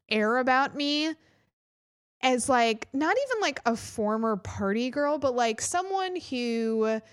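Animated, candid woman podcaster. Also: a little high, clear, resonant tone, dry recording, studio quality. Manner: candid, rambling storytelling with frequent "like". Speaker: podcast co-host. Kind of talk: casual chat.

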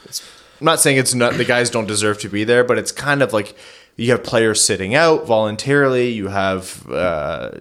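A man's voice: lowish voice, animated, moderate pace, a bit bright. A man co-hosting a podcast, talking hockey in a rambling, casual way with lots of fillers and laughs. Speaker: podcast co-host. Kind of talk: casual sports chat.

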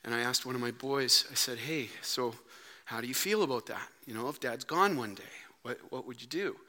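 A man's voice: mid-range voice, moderate pace, pushed and bright. A man preaching a sermon as pastor, earnest and building to emphatic repeated phrases, recorded in a church sanctuary. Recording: church hall with long reverb.

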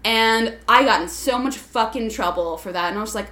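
A woman with a fairly high voice rants through a story in casual chat, swearing freely and putting on mocking voices. The sound is roomy and echoey. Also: moderate pace. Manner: profane, ranting, animated storyteller. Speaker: podcast co-host telling a story. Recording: echoey room.

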